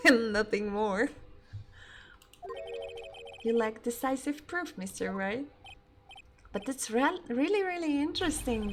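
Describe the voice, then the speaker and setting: A woman's voice: fairly high pitch, slight background noise. Chatty young woman streamer, swearing freely. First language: not English. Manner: chatty, swears often, laughs easily. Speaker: game streamer. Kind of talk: casual live-stream chat.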